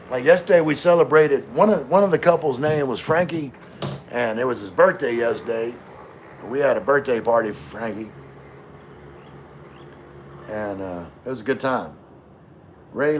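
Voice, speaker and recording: Relaxed man chatting on a live stream. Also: mid-range voice, a little hiss or hum. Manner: relaxed, rambling, drinking with viewers. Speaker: live streamer reading chat. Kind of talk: casual live stream chat. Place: room with floor-to-ceiling window.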